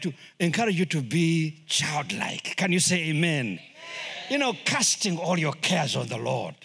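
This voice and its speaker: Casting note: man, English not his first language, fiery guest preacher, high and swooping delivery. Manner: animated, acts out voices and laughs often. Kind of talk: sermon.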